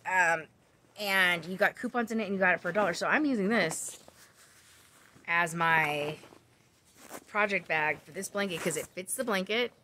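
A woman's voice: lowish voice, sharp tone, slight background noise. A woman vlogging about her crochet projects in a casual, rambling chat full of tangents, ums and self-corrections. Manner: chatty, rambling with side tangents.

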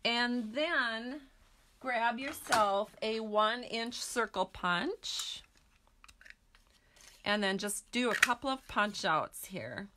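A woman's voice: a little high, sharp tone. A woman demonstrating a card-making craft, chatting casually with her viewers as she works. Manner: chatty, talks to viewers while working.

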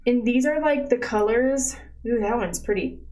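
A young woman live-streaming from home on a close mic, gushing excitedly as she opens gifts, saying "like" and "oh my gosh" over and over. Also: a little high, normal speed, rough recording. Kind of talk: casual live-stream unboxing chat. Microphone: close desk mic.

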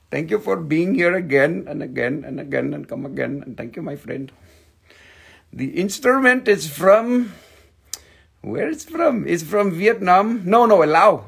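A man rambles playfully through a casual live stream from home, cracking jokes as he goes. His voice sits high and carries a gravelly, husky edge, and he takes his time, speaking slowly. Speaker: live-stream host selling stones.

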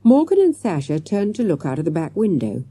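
Husky, dark-voiced woman reading a children's story. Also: on the low side, wildly swooping pitch, brisk, dry recording. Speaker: audiobook reader. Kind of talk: scripted children's story narration.

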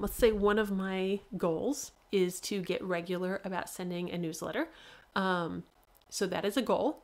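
Casting: woman streamer-author, loose chatty delivery, quick laughs, plenty of "um" and "like". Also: medium pitch. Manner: chatty, laughs often, many fillers. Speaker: author hosting a livestream show. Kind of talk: casual livestream talk.

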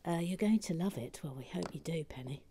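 A livestream host with a low voice chats casually as she builds, reading viewer messages aloud. She sounds soft and self-deprecating, animated and a little fast, dropping into whispered asides with lots of "uh"s and restarts. A faint hiss or hum sits under the audio.

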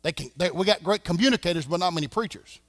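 A Southern man preaching a sermon as pastor, swinging from shouting to a hush. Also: high voice, expressive, quick pace, no room sound. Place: church sanctuary.

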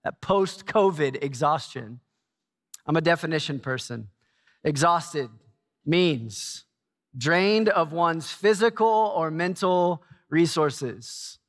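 Guy in his 40s preaching, kinda high voice, big church reverb, tells funny stories on himself. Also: takes it slowly. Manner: storytelling, animated and self-mocking. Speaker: pastor. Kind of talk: sermon. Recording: long hall reverb.

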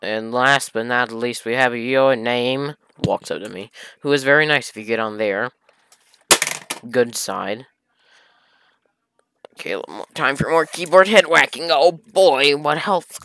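A man's voice: medium pitch, a little slow, pauses often, bright, forceful tone, clear, resonant tone. A man reading a fan fiction aloud for comedy, breaking in with exasperated, sarcastic commentary and swearing.

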